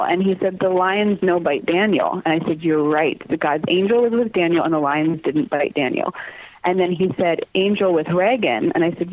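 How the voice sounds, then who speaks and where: This is a woman in her thirties being interviewed over the phone. She talks with earnest feeling, laughs often, and slips into the voices of people she quotes. The line sounds thin and tinny, with no room echo. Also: lowish voice. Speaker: guest, theater company communications manager. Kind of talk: casual interview chat.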